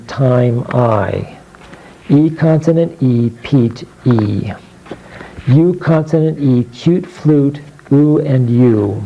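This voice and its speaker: A man teaching phonics, sounding out letters and keywords one by one in a deliberate instructional drill. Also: mid-range voice, a little hiss or hum. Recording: dull lo-fi recording.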